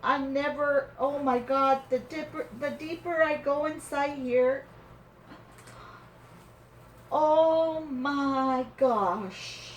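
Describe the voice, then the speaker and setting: A woman's voice: high-pitched, fairly even intonation, a little hiss or hum. A woman hosting a crafting channel, opening a swap gift and gushing over it with teary gratitude and awe. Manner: gushing, slow and tearful with awe.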